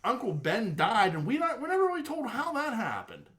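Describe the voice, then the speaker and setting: A man co-hosting a podcast in casual chat, halting with many repeated starts. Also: extremely high pitch, huge pitch swings, fairly bright tone. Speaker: podcast co-host.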